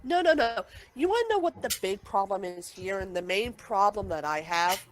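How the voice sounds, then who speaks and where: A woman's voice: medium pitch, animated, normal speed, background noise. A woman co-hosting a casual review podcast, talking heatedly, swearing freely and firing off objections. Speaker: podcast co-host. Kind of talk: casual chat, episode review.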